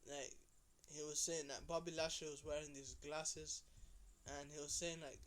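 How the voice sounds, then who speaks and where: A man's voice: fairly high pitch, flat delivery, fairly bright tone. Rambling man recapping a wrestling episode. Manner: rambling, with fillers and restarts, quick voice changes for quotes. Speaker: wrestling show reviewer.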